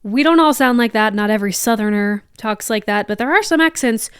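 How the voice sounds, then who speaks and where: Chatty young woman, smooth voice. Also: fairly high pitch, lively intonation, a little fast, fairly bright tone, dry recording, clean studio sound. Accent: light Southern US. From Southern US. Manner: chatty and playful, slips into put-on accents. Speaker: podcast host. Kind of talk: casual chat.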